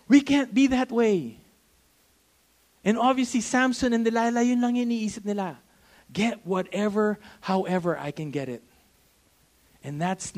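Man, Filipino accent, middle-aged pastor, sermon, higher voice, conversational, mixes English and Tagalog. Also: a little mellow.

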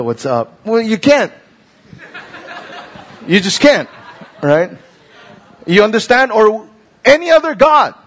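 A Filipino man preaches with a light, high-pitched voice. He talks straight to his listeners, throws in rhetorical questions and stretches out the words he wants to stress. He sounds like a pastor in the middle of a sermon. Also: a bit bright. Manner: switches between English and Tagalog, rhetorical questions, slows for emphasis.

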